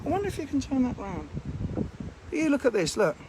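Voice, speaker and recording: A man's voice: extremely high pitch, sing-song, brisk, background noise. A man, live streaming from his phone and chatting casually in a rambling, self-mocking way as he shows things to the camera. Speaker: fishery owner live streaming. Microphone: phone camera held in hand.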